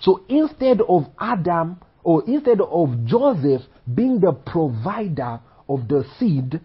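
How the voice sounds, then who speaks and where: A man's voice: on the high side, very animated, takes it slowly, slightly rough. A man preaching a sermon, asking rhetorical questions and checking in with "Okay?". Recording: dull lo-fi recording.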